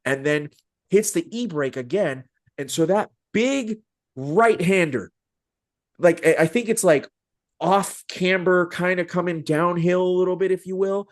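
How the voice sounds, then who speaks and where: A man hosting a podcast interview, telling stories in an animated, joking, slangy way. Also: high voice, a little slow, no echo, clean studio sound. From Arizona. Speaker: podcast host. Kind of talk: casual interview chat.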